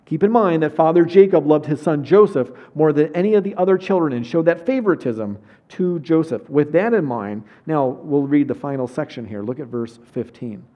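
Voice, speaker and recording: Male pastor, slightly high voice, conversational sermon, dull lo-fi recording. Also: expressive, normal speed, hardly any pauses. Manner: conversational, reads verses then explains. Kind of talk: sermon with scripture reading.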